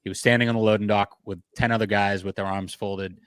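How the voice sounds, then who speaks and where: A man who is a general contractor hosts a podcast in a casual interview, telling animated stories, swearing casually and laughing at his own tales. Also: fairly low pitch, fast, smooth, dry recording. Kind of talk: casual interview chat, storytelling.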